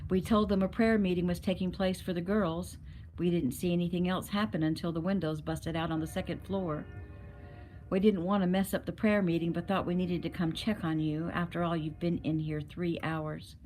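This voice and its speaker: A woman's voice: on the low side, fairly even intonation, normal speed, darkish tone, a little hiss or hum, natural voice, poor audio. A woman reading the lines of a man giving a matter-of-fact report. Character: man reporting what he saw outside.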